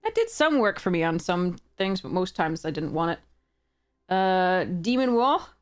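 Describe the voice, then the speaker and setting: A woman's voice: on the low side, measured pace, smooth. Exasperated young woman streaming a card game. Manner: swears and laughs in frustration, swings from exasperated shouts to flat mutters. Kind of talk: casual gameplay commentary.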